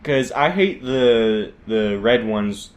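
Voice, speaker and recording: A man's voice: medium pitch, lively intonation, slow. Laid-back podcast co-host man. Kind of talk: casual chat.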